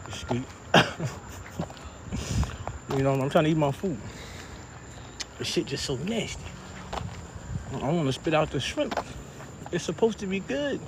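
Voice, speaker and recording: A man rambling and joking crudely to his live viewers while walking along a road and eating. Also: mid-range voice. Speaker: livestreamer. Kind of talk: casual rambling live stream. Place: outdoors on a road. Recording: loud outdoor street noise with traffic and insects.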